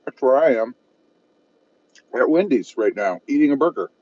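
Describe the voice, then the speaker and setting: A man with a mid-range, slightly mellow, slightly rough voice speaks at a moderate pace with lively intonation. He's a South Texas car channel host livestreaming from his car at a fast-food restaurant, eating, reading viewer comments, and casually joking at his own expense. The audio has no echo but sounds muffled.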